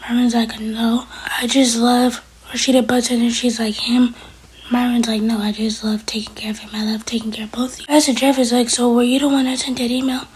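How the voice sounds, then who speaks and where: A woman's voice: on the high side, flat delivery, brisk, a little mellow, husky, rough recording. A young woman vlogger casually retelling a TV episode, quoting each character in turn as she goes. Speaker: TV recap vlogger.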